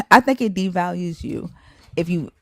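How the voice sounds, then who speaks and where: A woman's voice: fairly low pitch, measured pace, no room sound. A woman hosting a live stream, talking bluntly and frankly in casual chat, with restarts.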